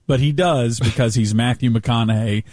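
A man hosting a podcast and introducing the episode. He speaks in a relaxed way with the odd chuckle, recorded dry and close with no room sound. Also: mid-range voice, moderate pace, no room sound. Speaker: podcast host. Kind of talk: show introduction.

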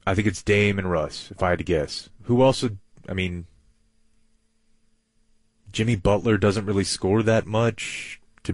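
Low-voiced man in relaxed sports chat. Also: no room sound. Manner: relaxed, thinking aloud with fillers. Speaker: co-host.

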